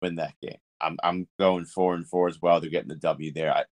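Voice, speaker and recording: A man co-hosting a casual sports podcast, talking in an animated way, laughing often and restarting his sentences. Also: low-pitched, fairly quick, no echo. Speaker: podcast co-host.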